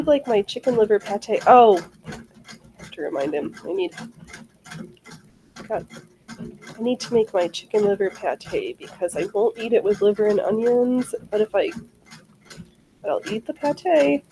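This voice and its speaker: Woman, livestream host, mellow tone, rambling casual chat, swears a lot. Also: mid-range voice, expressive, normal speed, pauses often, slight background noise, rough recording. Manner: rambling, reacts to chat comments, swears freely.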